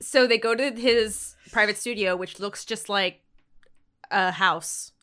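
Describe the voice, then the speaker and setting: A podcast co-host recaps a TV episode in casual chat, rambling with lots of "like" fillers and laughing often. Her mid-range voice is slow with a sharp tone.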